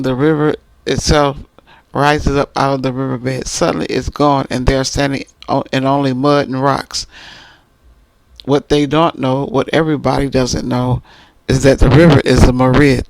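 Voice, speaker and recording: A man's voice: medium pitch, vocal fry, no echo, low-quality recording. A man reviewing a book, casually retelling its plot in detail and often restarting his phrases.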